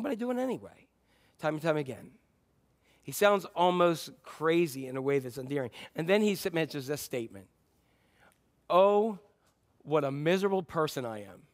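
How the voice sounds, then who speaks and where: A man preaching a sermon as pastor, telling a story in a conversational way with fillers and restarts. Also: on the high side.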